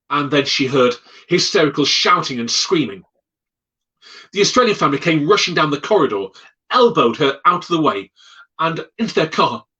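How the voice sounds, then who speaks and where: Brief: man, master storyteller, dramatic delivery, bright, forceful tone, slightly high. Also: muffled recording. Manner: dramatic, animated, acts out voices. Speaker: storyteller guest. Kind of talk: spoken ghost storytelling.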